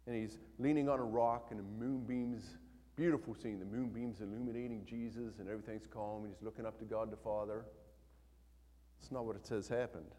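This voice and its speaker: A man preaching a sermon in a church, reading scripture aloud and swinging between soft, low passages and loud, emphatic ones. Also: fairly even intonation, normal speed, pauses often. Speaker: pastor. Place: church sanctuary. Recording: long hall reverb.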